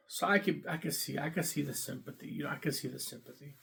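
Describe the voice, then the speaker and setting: Gravelly man ranting bluntly. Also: a little high, a little fast, sharp tone, a little hiss or hum. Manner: blunt and profane, rambling with many fillers. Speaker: vlogger giving dating opinions. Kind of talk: casual ranting monologue.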